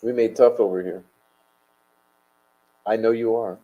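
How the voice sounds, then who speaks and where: A man's voice: on the low side, fairly even intonation, measured pace, lo-fi sound. A man hosting a casual livestream, rambling and swearing emphatically as he chats and answers viewer comments. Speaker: livestream host.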